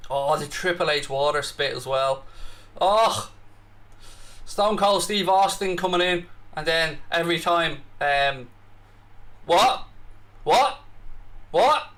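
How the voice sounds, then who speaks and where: Irish man, casual live-stream chat, bright tone, a little high-pitched, chatty and excitable. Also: unhurried. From Ireland. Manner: chatty, reads out viewer comments, bursts into excited reactions. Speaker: host of a live football watchalong.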